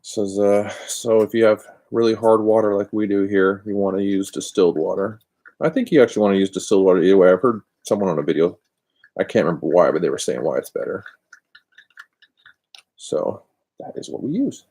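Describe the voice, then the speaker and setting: A deep, mellow-toned man rambles through a casual craft live stream. He talks loosely and good-naturedly, poking fun at himself. His voice comes through a built-in laptop microphone in a chilly garage. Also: fairly even intonation, quick pace. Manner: rambling, chatty, self-deprecating. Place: cold home garage. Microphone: built-in computer microphone.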